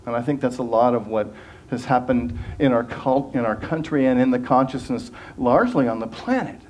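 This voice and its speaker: A man's voice: medium pitch, normal speed, darkish tone, a little hiss or hum. A man giving a sermon as minister, earnest and conversational, often restarting phrases and acting out quoted voices.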